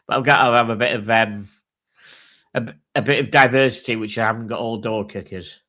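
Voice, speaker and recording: A man hosting a casual live chat with a bright, forceful voice. He thinks aloud, swears freely and reads specs and prices in an easy, offhand way. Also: medium pitch, fairly even intonation, fairly quick. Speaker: host.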